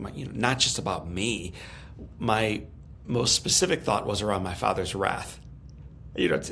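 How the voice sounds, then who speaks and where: Gravelly earnest middle-aged man storyteller. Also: fairly low pitch, a bit bright, a little hiss or hum. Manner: earnest, repeats words when emphatic. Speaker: podcast guest, speaker. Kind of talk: storytelling in an interview.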